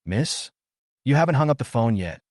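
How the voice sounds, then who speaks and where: A man's voice: mid-range voice, very animated, moderate pace, no room sound, studio quality, close to an everyday voice. A man voicing a cocky young soldier who talks in a teasing, offhand way.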